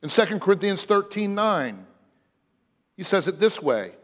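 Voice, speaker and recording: A man preaching a sermon as pastor, earnest and emphatic, sometimes dropping to a hushed, soft delivery. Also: high-pitched, big pitch swings, normal speed. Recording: long reverb of a large hall.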